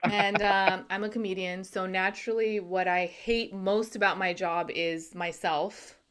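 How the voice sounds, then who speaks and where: Young woman, stand-up comedian, video call, deadpan, laughs at own jokes. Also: medium pitch, unhurried, clear, resonant tone. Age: young adult. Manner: deadpan punchlines with frequent laughs. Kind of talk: stand-up set. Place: home.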